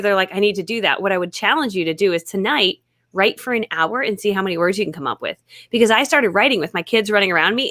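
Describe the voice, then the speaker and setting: A woman hosts a casual live chat in a bright, forward voice. She sounds enthusiastic and laughs easily. The recording is dry and close. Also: medium pitch, no room sound. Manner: enthusiastic, giggly. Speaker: host.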